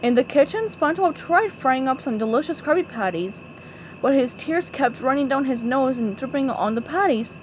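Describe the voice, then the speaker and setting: A woman narrating a storybook aloud in an expressive, animated way. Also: sits high, normal speed, muffled recording, slight background noise. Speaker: storybook reader.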